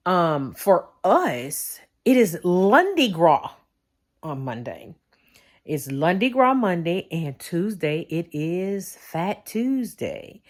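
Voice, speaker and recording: A woman's voice: fairly low pitch, very animated, takes it slowly. Chatty, sleepy woman vlogging. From Louisiana. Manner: chatty, repeats herself, drawls with southern slang. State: sleepy, yawning. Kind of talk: casual vlog chat.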